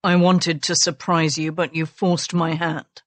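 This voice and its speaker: A woman voicing a blunt, self-made Regency husband who speaks low and soft with dry command, in an audiobook. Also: flat delivery, measured pace, dry recording.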